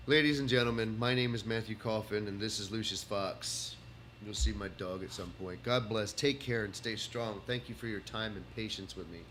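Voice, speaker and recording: A man's voice: fairly low pitch, fairly even intonation, normal speed, fairly bright tone. Texas guy rambling thru his notes on a stream, keeps restarting, bit of hum behind. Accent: Texan. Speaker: comedian doing a livestream. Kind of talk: casual rambling monologue.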